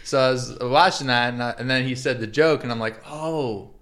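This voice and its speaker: A man hosting a casual podcast chat, profane and animated as he tells stories. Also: medium pitch, moderate pace. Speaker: podcast host.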